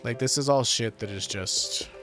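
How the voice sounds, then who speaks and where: A man's voice: mid-range voice, moderate pace, a bit bright. A man giving casual, rambling gameplay commentary, offhand and swearing freely, with game music behind him. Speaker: gamer streamer.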